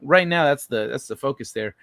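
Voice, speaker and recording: A man in his own casual livestream voice, neither high nor low, riffing on chat messages with blunt, profane remarks. The sound is close and dry, with no room echo. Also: animated, brisk, a bit bright. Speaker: livestream host reading chat.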